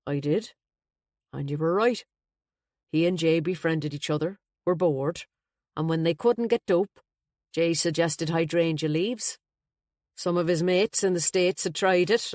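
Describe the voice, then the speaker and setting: A weary, calm policeman, read by a woman in an audiobook, low and plain-spoken. His words come out matter-of-fact and unhurried, in a dry, close sound. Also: no echo, natural voice.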